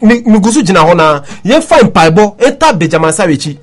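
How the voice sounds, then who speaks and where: Ghanaian male sports radio host, high pitched, insistent, argumentative chat. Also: very animated, fairly quick. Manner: insistent, repeatedly addresses co-host by name. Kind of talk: heated sports talk chat.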